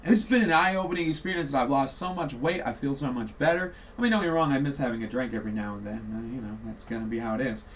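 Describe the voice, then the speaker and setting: A man's voice: medium pitch, fast talker, few pauses, recorded from a distance, a little hiss or hum. A man hosting a podcast, launching into a heated, profane, mocking political rant. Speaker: podcast host.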